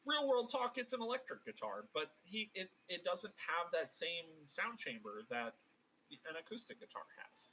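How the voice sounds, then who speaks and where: Game master guy narrating a tabletop game, bright lively voice, faint hiss. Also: high-pitched, moderate pace, poor audio. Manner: animated, casual with filler words.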